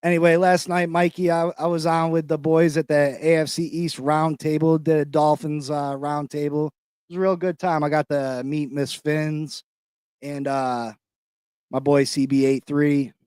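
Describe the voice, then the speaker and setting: A man hosting a casual sports podcast, talking in hyped-up slang and shouting out people in the chat. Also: a little high, flat delivery, a little slow, clean tone, dry recording, clean studio sound. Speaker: podcast host. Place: New York.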